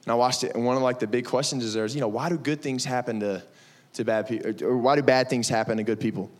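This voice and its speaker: A young man preaching a lively, conversational sermon to middle schoolers, acting out quotes and saying y'all. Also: mid-range voice, fast. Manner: animated, conversational, says y'all, acts out quotes. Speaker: youth pastor. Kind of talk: youth sermon.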